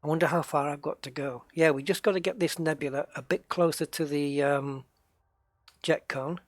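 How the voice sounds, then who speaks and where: Speaking at a normal speed with fairly even intonation, a UK game streamer with an English accent and a voice on the high side chats casually with his audience and muses aloud during a live stream. The recording is dry.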